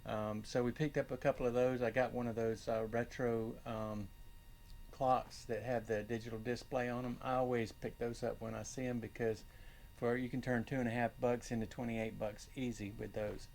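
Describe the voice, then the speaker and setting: An older man hosting his own channel, chatting casually about his finds and rambling with many pauses and fillers. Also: medium pitch, little pitch movement, creaky, darkish tone, slight background noise. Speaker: channel host and reseller. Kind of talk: casual chat.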